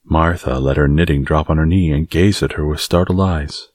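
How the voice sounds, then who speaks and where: A man reading a novel aloud as an audiobook narrator, in a calm, measured way. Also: very deep voice, no room sound. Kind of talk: scripted narration.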